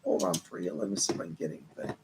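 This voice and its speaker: A man doing live psychic readings on a stream, calmly reassuring viewers and passing on messages. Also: sits low, fast, background noise. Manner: reassuring, relays spirit messages, reads viewer questions aloud.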